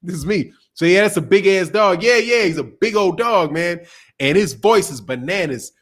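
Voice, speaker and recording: Male live-stream host; loud, brash, profane delivery with frequent laughter; voice sits somewhat high. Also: lively intonation, normal speed. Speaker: boxing channel host. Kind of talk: casual live-stream rant.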